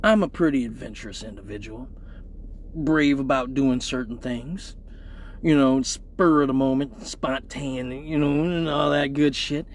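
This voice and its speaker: A man's voice: mid-range voice, a little slow, a little hiss or hum. A man who hosts a weekly live show, telling a story in a loose, profane, laughing way with lots of repeats. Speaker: exotic dancer hosting a weekly live show. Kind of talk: casual storytelling on a livestream.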